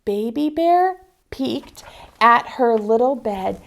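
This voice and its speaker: Lively, slow-reading preschool teacher woman. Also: medium pitch. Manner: expressive, asks children questions. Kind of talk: reading a picture book aloud to children. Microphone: online video class.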